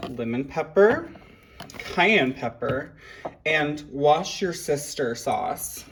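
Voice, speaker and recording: A man's voice: fairly high pitch, animated, slow pace, noisy background. Rambling, self-mocking young-sounding man cooking. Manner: rambling, self-deprecating, swears freely. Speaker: cooking show host. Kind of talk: casual home cooking vlog. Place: home kitchen.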